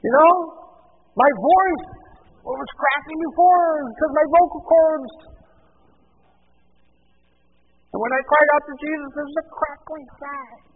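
A man voicing a healed male leper who is amazed and overjoyed, speaking loudly and excitedly. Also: moderate pace, phone-quality sound. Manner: excited, loud and raised high.

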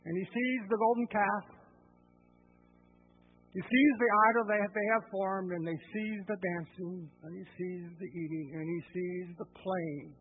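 Guy preaching a sermon, high voice, asks the crowd questions, sounds like a phone recording. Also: unhurried, husky, phone-quality sound. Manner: asks the congregation rhetorical questions, swings between quiet and loud. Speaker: pastor.

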